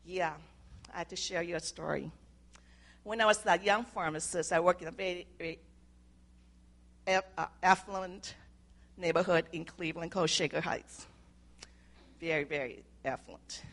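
Older woman with a gravelly, earnest voice. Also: fairly low pitch, a bit bright. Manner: earnest, homely, with simple grammar slips and restarts. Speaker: speaker sharing a devotional talk. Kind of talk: informal sermon.

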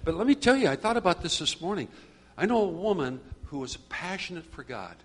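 A man's voice: high voice, sing-song, brisk, breathy edge. A middle-aged man leading a church small group, talking conversationally and growing fervent and preachy, often repeating phrases. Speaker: group leader.

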